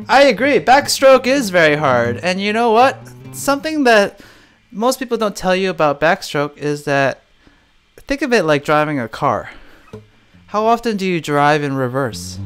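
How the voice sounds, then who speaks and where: A young man hosts a live stream, his voice swinging up and down as he makes his points with rhetorical questions. A soft guitar plays quietly under his casual chat. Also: sits high, smooth. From Chicago. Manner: lively, emphatic, rhetorical questions, reads chat names aloud. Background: soft guitar playing.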